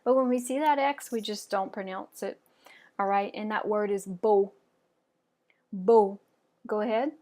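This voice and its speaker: A woman's voice: medium pitch, normal speed, darkish tone. A woman teaching French pronunciation in an online lesson. She speaks patiently and encouragingly, often checking in with "okay?" and praising learners. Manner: patient, encouraging, with frequent "okay?" and "all right".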